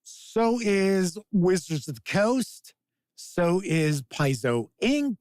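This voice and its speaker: A man's voice: high-pitched, very animated, drawn-out words, a little mellow, no echo. A man in his fifties, hosting a casual live-stream chat, rambling and reading out viewer comments. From American. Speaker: podcast host reading chat.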